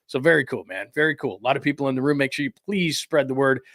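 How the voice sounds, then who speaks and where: A man's voice: mid-range voice, fast, fairly bright tone, no room sound, clean studio sound. A man hosting a sports podcast in a casual, chatty, rambling way. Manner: chatty, rambling, laughs easily.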